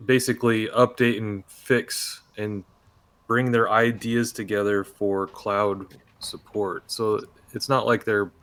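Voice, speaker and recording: A man with a somewhat low voice speaks on a casual gaming podcast panel. He talks at length and circles back on his words, with a frustrated edge. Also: flat delivery, slow pace, a bit bright. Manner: rambling, repeats words, frustrated tone.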